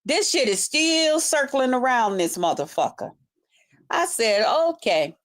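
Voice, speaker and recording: A woman with a high voice vents straight to the camera in a casual vlog. She talks in a confrontational way, swearing constantly and hammering her points home by repeating them. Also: very animated, a little slow. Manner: profane, confrontational, heavy swearing; repetitive, emphatic. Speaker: vlogger. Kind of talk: casual ranting monologue.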